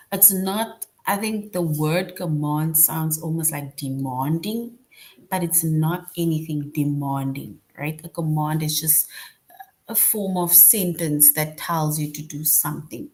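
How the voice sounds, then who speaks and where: Explaining grammar to little kids, a female teacher speaks in a low, steady, somewhat mellow voice. Her slow, deliberate delivery circles back over key points, and she frequently tags on "right?"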